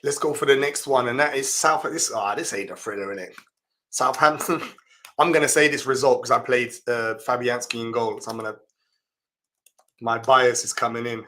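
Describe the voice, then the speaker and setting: A man's voice: mid-range voice, fairly even intonation, normal speed. A man hosting a live fantasy football stream, reading out viewer comments and reacting with laughs and exclamations. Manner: chatty, laughs often, reacts loudly to comments.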